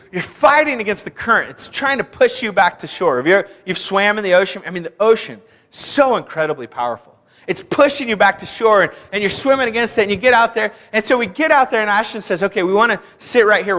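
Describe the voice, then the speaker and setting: A young male pastor from Kansas preaches in a church, his high, bright voice carrying a long hall reverb. He tells stories with animated energy, acting out the dialogue with shouts and laughter. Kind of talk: sermon with storytelling. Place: church sanctuary.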